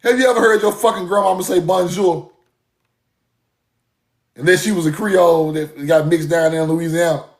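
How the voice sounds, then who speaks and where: A man's voice: on the high side, moderate pace, long pauses, echoey room. A man, talking casually and mockingly in a profane rant to his audience. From US South. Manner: animated, laughing, mocking, profane.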